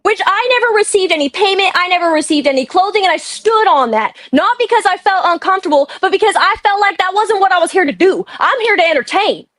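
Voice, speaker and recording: High-voiced woman ranting and cussing on a stream, dry close sound. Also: animated, fast talker, hardly any pauses, fairly bright tone, no room sound. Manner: angry, profane ranting. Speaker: guest. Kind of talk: heated livestream chat.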